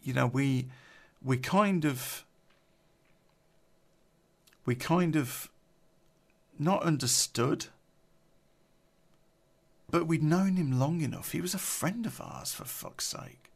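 A man's voice: on the high side, expressive, slow, vocal fry, long pauses, husky. A man telling an unedited personal story on a podcast, blunt, sweary and rambling, drinking beer as he talks.

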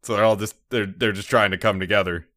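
A man's voice: on the low side, steady tone, fast, sharp tone, no room sound, clean studio sound. A man co-hosting a podcast, casually recapping an anime episode with rambling asides and many fillers. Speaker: podcast co-host.

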